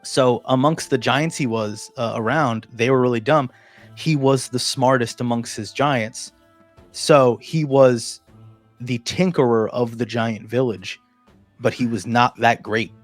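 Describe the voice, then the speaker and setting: A man's voice: mid-range voice, fairly even intonation, measured pace, no room sound. Guy rambling about his tabletop character, lots of restarts, faint music behind. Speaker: podcast host. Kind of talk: casual chat.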